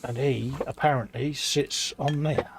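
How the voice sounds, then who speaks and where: A man's voice: medium pitch, steady tone, a little slow, a crowd in the background. A man co-hosting a live hobby stream, bantering in a slangy way and jokingly boasting as he builds a model.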